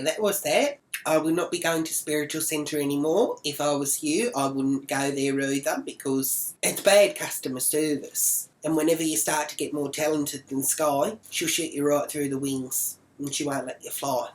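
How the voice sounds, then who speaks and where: A brash Australian woman rants to her camera. She swears without pause and acts out each side of the argument she is retelling. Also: deep voice, rough recording. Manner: acts out quoted exchanges. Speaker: vlogger. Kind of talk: casual storytelling rant.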